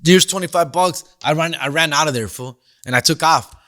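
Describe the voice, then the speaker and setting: A man's voice: on the high side, fairly quick, fairly bright tone. A man hosting a comedy podcast, telling a story in a slangy, profane, casual way. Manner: answers listener questions.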